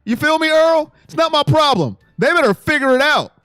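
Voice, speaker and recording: Male stream host, high-pitched and very lively, dry close sound with faint music behind. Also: a little fast, no echo. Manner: animated, jumps between low mutters and loud exclamations. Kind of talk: casual live chat reading fan comments.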